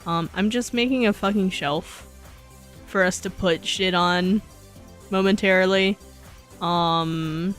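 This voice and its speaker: Sleepy, slow-talking playful woman streamer. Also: on the low side, faint music behind. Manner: playful, rambling, self-joking. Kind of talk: casual live-stream chat while 3D modeling.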